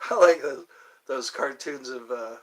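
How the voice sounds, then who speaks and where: A man's voice: fairly high pitch, lively intonation, unhurried, pushed and bright. A man hosting a casual livestream chat, rambling and thinking aloud as he digresses from one topic to the next. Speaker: host.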